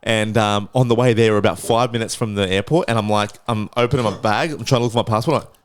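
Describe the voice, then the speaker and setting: A young Australian man hosts a podcast, telling a story in a casual way, swearing freely and acting out the quotes in an animated retelling. His voice is lowish and fast with a clean tone, captured in a dry recording.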